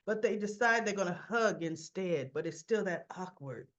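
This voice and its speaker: A woman casually recapping a soap opera episode, acting out the characters' lines, with a cough and frequent throat clearing. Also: lowish voice, animated, normal speed, dull audio. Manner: chatty, acts out characters' lines in quotes.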